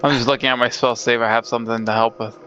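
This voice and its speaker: Bright-voiced male player. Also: medium pitch, little pitch movement, fast, muffled recording, slight background noise. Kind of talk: casual tabletop play.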